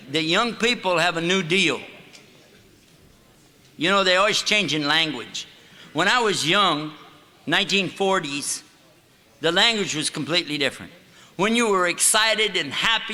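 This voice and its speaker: A man's voice: sits high, bright, forceful tone. Folksy older man lecturing in echoey hall. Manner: folksy, joking storyteller. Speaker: Islamic lecturer. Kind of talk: lecture with joking asides. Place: mosque hall.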